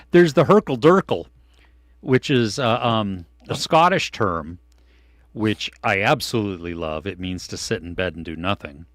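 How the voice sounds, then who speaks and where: A man with a lowish voice co-hosts a casual live stream, reading out viewers' comments. He swings between excited, high outbursts and low, trailing mutters. The sound is dry and close to the mic. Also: unhurried, no echo. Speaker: podcast co-host reading live chat. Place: home studio.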